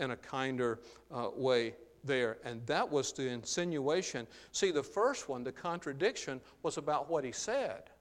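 A man's voice: mid-range voice, a bit bright. A man preaching a sermon in an earnest way, often tagging his phrases with "uh" and "there". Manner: earnest, frequent "uh" and "there" tags. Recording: long hall reverb.

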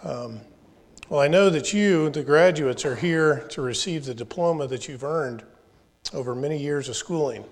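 A man in his forties gives a graduation address in an earnest, folksy manner, teasing the graduates now and then. His voice sits a little high for a man. The sound rings with the long reverb of a large hall. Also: moderate pace. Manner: earnest, folksy, jokes with the audience. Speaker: graduation speaker. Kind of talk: commencement address. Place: school or church hall.

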